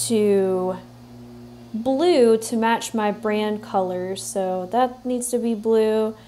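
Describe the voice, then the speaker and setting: A woman hosting a software tutorial, explaining each step in a relaxed way and thinking aloud with fillers as she works. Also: mid-range voice. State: has the hiccups. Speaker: tutorial host. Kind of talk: screen-recorded software tutorial.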